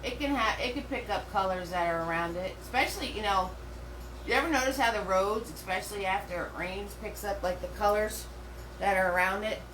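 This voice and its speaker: A woman's voice: medium pitch, brisk. Woman, middle-aged, painting instructor, chatty, rambling, fillers, echoey room, mic at a distance. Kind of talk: live step-by-step painting class. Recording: roomy, from away from the mic, faint hum.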